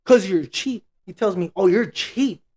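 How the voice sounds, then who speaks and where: A man's voice: high-pitched, measured pace, mellow. A man co-hosting a podcast, telling a story in casual, profane slang and acting out what everyone said. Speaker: podcast co-host.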